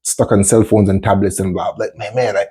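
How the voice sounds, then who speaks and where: A man's voice: lowish voice, steady tone, fairly quick, dark tone, slightly rough. A middle-aged man hosting a casual interview, eagerly cutting in with questions and repeating his words. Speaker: podcast host.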